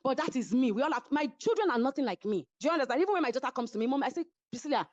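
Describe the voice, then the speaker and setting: A woman's voice: sits high, animated, very fast, darkish tone, no room sound. A woman with a Nigerian accent, heatedly retelling a fight in casual chat, acting out the voices she quotes and code-switching between languages. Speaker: reality show cast member. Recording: dull, dry lo-fi audio.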